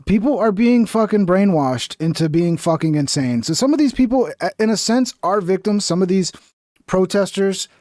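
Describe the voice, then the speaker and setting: Male streamer, high voice, dry sound; blunt, profane, rambling. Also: expressive, normal speed, a little mellow, no echo. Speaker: livestream host. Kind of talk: casual livestream commentary.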